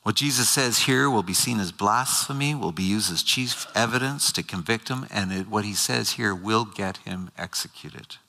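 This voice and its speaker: A man's voice: fairly low pitch, moderate pace, few pauses, sharp tone. A man explaining scripture to a live audience, emphatic and given to repeating and stumbling over words. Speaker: speaker. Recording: long hall reverb.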